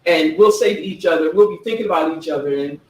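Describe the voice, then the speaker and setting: A woman author presenting her own book, reading passages aloud slowly and earnestly and checking in with listeners with "okay?". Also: low-pitched, darkish tone. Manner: earnest, slow emphatic reading, frequent "okay?" check-ins. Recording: echoey room, distant mic, faint background noise.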